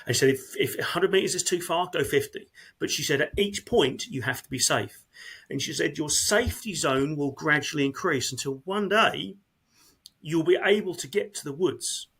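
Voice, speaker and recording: A man in emergency service speaking candidly in an interview, earnest and halting, often repeating words as he talks. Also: fairly high pitch, fairly bright tone, breathy edge.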